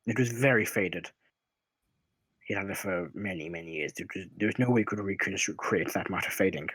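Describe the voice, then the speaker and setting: A low, husky male voice runs a tabletop game, answering questions in character. He talks in halting, hesitant bursts. The sound is close and dry. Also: fairly bright tone, dry recording, low-quality recording. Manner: halting, plays NPCs in his own voice. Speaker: dungeon master.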